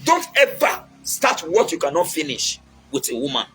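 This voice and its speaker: A man's voice: on the high side, huge pitch swings, normal speed, sharp tone, soft background music, rough recording. A man with a Nigerian accent giving casual, preachy relationship advice, mixing in Pidgin and acting out quotes.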